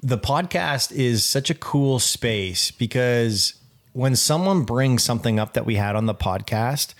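A man's voice: medium pitch, lively intonation, a little slow. Casual man co-hosting a podcast. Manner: joking, reflective asides. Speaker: podcast co-host. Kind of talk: casual chat.

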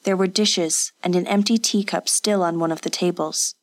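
A woman narrating a story in an even, unhurried audiobook reading. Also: fairly low pitch, no room sound. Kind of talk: scripted narration.

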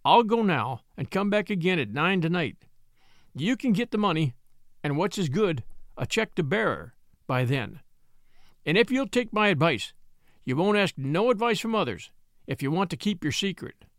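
A hard, blunt blackmailer talks slowly, with a quiet threat under every word, as a male narrator puts him on. The sound is close and dry. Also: high voice, very animated, no room sound, full character voice. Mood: menacing.

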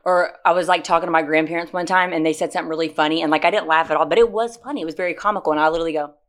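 Low-voiced woman cohosting a podcast, brash, swears a lot, laughs a ton. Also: fairly even intonation, racing, a bit bright. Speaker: podcast co-host. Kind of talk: casual chat.

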